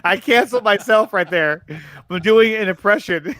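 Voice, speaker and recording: A young man hosting a casual livestream reaction show, chatty and upbeat, reading viewer messages aloud and thanking them, with quick laughs and restarts. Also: high-pitched, a bit bright. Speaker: host of a review and reaction show.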